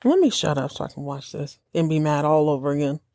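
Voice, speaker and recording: A woman hosting a podcast, reacting to a TV episode in casual, exasperated commentary, cursing freely and slipping into quick mocking impressions. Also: low-pitched, no echo, clean studio sound. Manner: animated, exasperated, swears freely, mocks characters in quick impressions. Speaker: podcast host reacting to a TV show.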